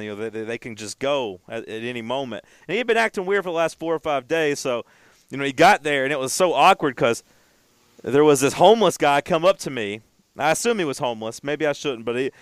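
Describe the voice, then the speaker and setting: A man's voice: mid-range voice, clear, resonant tone, no echo. A man co-hosting a casual chat, telling stories in a rambling way and often stumbling over and repeating his words.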